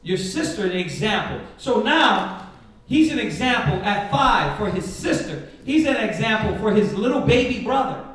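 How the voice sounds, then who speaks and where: A man's voice: high voice, big pitch swings, moderate pace, a bit bright. A man teaching a live Sabbath Bible class, preaching emphatically and asking rhetorical questions. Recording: echoey room, far from mic.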